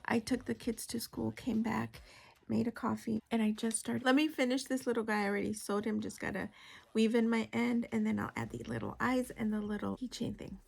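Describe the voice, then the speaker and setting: A woman's voice: fairly high pitch, a little fast, creaky, slightly rough. A woman chatting casually in her home kitchen while she vlogs about crochet, with giggles and self-mocking asides. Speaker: crochet vlogger. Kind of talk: casual vlog chat.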